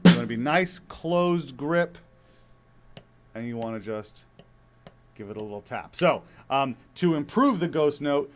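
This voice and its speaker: A man who is a father of young children, teaching drums in a relaxed, chatty way with many fillers and restarts. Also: medium pitch, a little slow, pauses often, over music. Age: young adult to middle-aged, father of young kids. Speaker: drum teacher. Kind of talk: casual spoken drum lesson.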